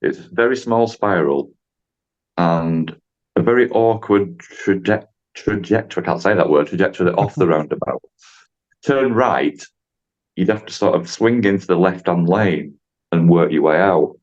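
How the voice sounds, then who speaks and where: A man's voice: low-pitched, unhurried, darkish tone, muffled recording. A man, a driving instructor, telling a story in a chatty, rambling way on a podcast and acting out the dialogue.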